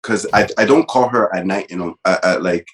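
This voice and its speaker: Giggly halting man, rather low voice. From New Jersey. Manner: repeats words, halting, giggly. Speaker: podcast guest. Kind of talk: casual chat.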